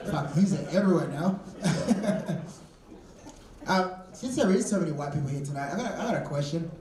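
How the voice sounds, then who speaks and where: A man's voice: fairly high pitch, animated, normal speed, pauses often, darkish tone, distant mic. Profane male stand-up comic, roomy club. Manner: crude, profane storytelling with stammered restarts. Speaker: stand-up comedian and show MC. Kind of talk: live stand-up set. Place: comedy club stage. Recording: roomy club sound from off-mic, with audience noise. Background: audience laughter.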